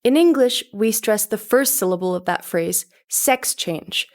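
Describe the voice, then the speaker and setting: A woman's voice: medium pitch, lively intonation, normal speed, a little mellow. A young adult woman giving sarcastic music commentary in a video, with frequent laughs. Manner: wry, sarcastic, laughs often.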